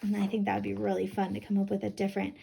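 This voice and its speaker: Upbeat teacher woman, gravelly edge. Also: medium pitch, completely flat delivery, racing, mellow, slight background noise. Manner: enthusiastic, talking to kids, many "right?"s. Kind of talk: children's read-aloud lesson.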